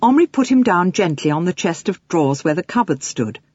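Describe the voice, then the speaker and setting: A woman narrating an audiobook for children in an expressive storytelling manner. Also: on the low side, fairly quick, breathy edge, dry recording, muffled recording. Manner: expressive storytelling with lively swings.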